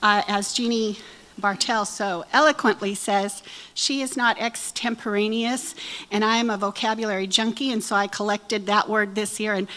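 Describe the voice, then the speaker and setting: A woman's voice: medium pitch, steady tone, moderate pace, bright, forceful tone. A woman in her sixties giving a chatty, self-deprecating, joking talk to a church women's group. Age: 60s. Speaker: women's Bible study speaker. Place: church hall.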